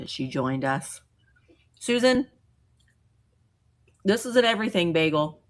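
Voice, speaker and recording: A woman's voice: on the low side, sing-song, slow pace. Chatty woman hosting a casual livestream. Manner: chatty, greets viewers by name, rambling with restarts. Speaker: vintage seller livestream host.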